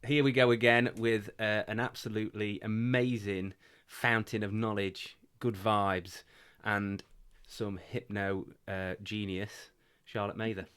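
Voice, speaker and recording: A man hosting a podcast in a warm office, chatting casually in a rambling, jokey, self-deprecating way. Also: lowish voice, steady tone, measured pace, hardly any pauses, smooth. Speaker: podcast host.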